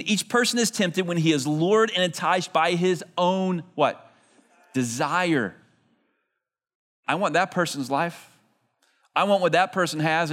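A male pastor delivers a sermon to his congregation. His manner is conversational, and he keeps turning to the listeners with rhetorical questions. His voice sits at an ordinary middle pitch for a man. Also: a bit bright. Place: church in front of a congregation.

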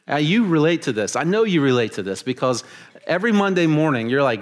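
A man preaching a casual, animated sermon to teenagers, joking with them and acting out the stories he tells. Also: a little high, a little fast. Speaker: youth pastor.

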